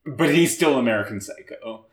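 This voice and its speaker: A man's voice: medium pitch, expressive, normal speed. A man co-hosting a podcast in casual chat, with a dry, teasing manner. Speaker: podcast co-host. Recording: roomy echo.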